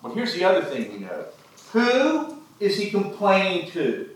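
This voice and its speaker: A man's voice: sits high, wildly swooping pitch, measured pace, roomy sound, slight background noise, low-quality recording. A man preaching a sermon, telling folksy stories with jokes. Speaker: pastor.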